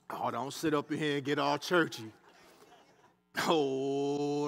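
A man preaching a sermon in a church, animated and conversational, with asides and dialect. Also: a little high, takes it slowly. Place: church sanctuary.

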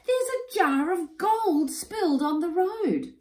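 Woman doing a small boy, high, excited, exclaiming, roomy. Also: slow, heavily acted. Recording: roomy echo.

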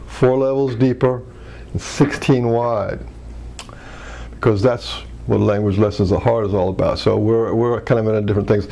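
A man's voice: mid-range voice, warm tone. A man presenting a healing workshop lesson, talking in a rambling way with many restarts and fillers. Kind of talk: teaching commentary.

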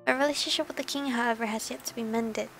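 A woman's voice: on the high side, steady tone, fast talker, gravelly, fairly bright tone, soft background music. A young woman reading a romance visual novel aloud as let's play narration, breaking off for gushing asides.

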